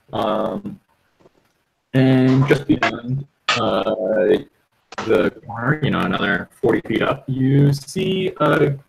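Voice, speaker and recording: Gravelly gm guy on voice chat, lots of ums, lively pitch. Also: background noise. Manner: halting, many ums, descriptive. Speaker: game master. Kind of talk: narrating a tabletop game. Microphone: online voice chat.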